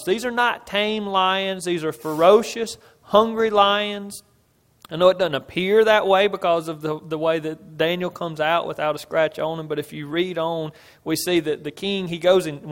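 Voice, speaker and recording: Male preacher with a fairly high voice in a church sanctuary, earnest storyteller who builds emphasis, long hall reverb. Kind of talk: expository sermon on scripture.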